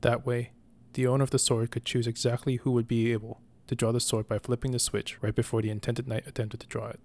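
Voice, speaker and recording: Male storyteller, slow deliberate narration, gravelly mid-pitched voice. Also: little pitch movement, a little mellow. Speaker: podcast storyteller. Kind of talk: scripted narration.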